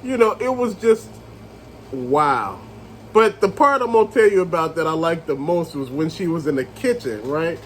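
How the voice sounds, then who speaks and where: A man reviewing a movie in a casual rant, retelling scenes with animated storytelling and calling his viewers family. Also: fairly high pitch, moderate pace, slight background noise, poor audio.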